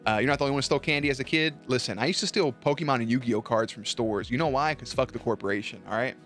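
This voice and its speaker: A man's voice: mid-range voice, racing, fairly bright tone, faint music behind. A young man streaming live, telling stories to his chat in a casual, profane and laughing way.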